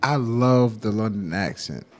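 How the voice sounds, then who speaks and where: A man's voice: fairly low pitch, expressive, unhurried, a little hiss or hum. A man co-hosting a comedy radio show, chatting loosely and crudely, often repeating words. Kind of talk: casual banter.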